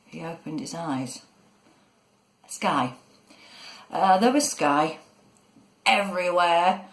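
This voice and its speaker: A woman narrating a children's story in a measured, expressive way. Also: on the low side. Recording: echoey room.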